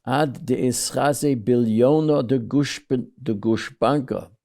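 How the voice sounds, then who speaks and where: An older man, a rabbi, teaching a Talmud passage, his voice gravelly and dark. He reads the Aramaic lines and then retells them in plain English as a lively story. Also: mid-range voice, slow. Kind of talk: Talmud lesson with translation.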